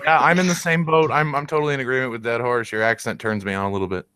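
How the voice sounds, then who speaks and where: A man's voice: medium pitch, fairly even intonation, very fast, sharp tone, clean tone, no room sound. A man in casual livestream banter, mocking and cursing with crude teasing jokes.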